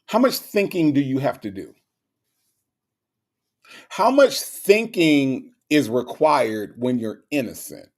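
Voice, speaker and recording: Brief: male channel host, mocking commentary, mid-pitched, hammers words by repeating them. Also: sing-song, slow pace, long pauses.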